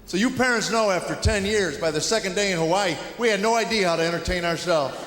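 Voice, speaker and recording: A middle-aged man from Tennessee doing a stand-up routine, telling family stories in a deadpan way with quick acted-out quotes. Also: high-pitched. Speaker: stand-up comedian. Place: comedy stage before a live audience. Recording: echoey hall with audience noise.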